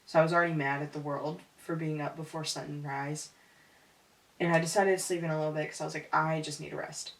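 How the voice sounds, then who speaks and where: A woman's voice: deep voice, steady tone, fast. A young woman co-hosting a podcast in casual chat, candid and slangy, laughing often. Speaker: podcast co-host. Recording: echoey room, far from mic.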